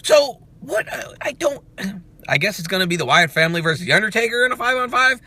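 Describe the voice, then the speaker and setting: A man hosting a wrestling reaction show, ranting loudly with profanity and mockery. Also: sing-song, quick pace. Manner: loud, profane, mocking, with swings of pitch and volume. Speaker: wrestling review host.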